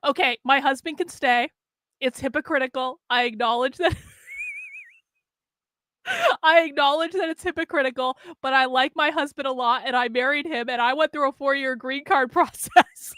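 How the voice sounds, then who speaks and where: A woman's voice: sits high, steady tone, normal speed, fairly bright tone. A woman hosting a livestream, ranting bluntly and profanely about politics and laughing at herself. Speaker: livestream host.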